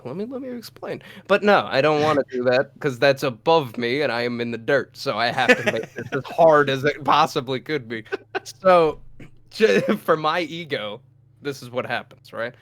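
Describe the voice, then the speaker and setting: A young man, a podcast co-host, telling a rowdy personal story with lots of swearing and loud acted-out shouts. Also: medium pitch, no echo. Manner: profane, animated, acts out his own lines in a loud voice. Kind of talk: casual storytelling.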